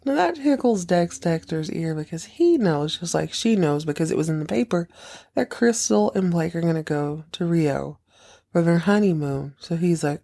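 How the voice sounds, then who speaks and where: A woman's voice: on the low side, animated, normal speed, vocal fry, dark tone. A woman hosting a casual recap podcast who talks in a chatty, sarcastic way and acts out quotes, and who is sick at the moment. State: sick, taking cough medicine. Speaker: podcast host recapping a TV episode.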